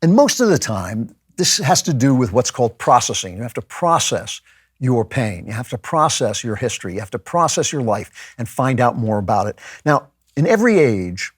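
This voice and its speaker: Middle-aged guy host just talking it through, emphatic, mid pitch voice, dry close sound. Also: normal speed, slightly rough, dry recording. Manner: conversational, emphatic, animated quoting of others. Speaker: podcast host. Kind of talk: casual monologue on faith.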